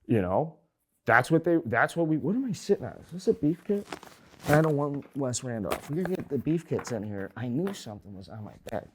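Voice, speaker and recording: A man's voice: mid-range voice, sing-song, fast talker, slight background noise. A man hosting a sports talk show, ranting with heavy swearing, short of breath. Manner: profane, heated ranting. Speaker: host.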